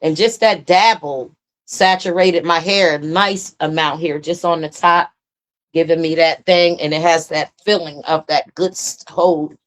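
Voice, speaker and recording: A woman showing off her own hair and beard care line in a casual, enthusiastic demo, with folksy talk and drawn-out oohs. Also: low voice, steady tone. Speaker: product seller demonstrating her own line.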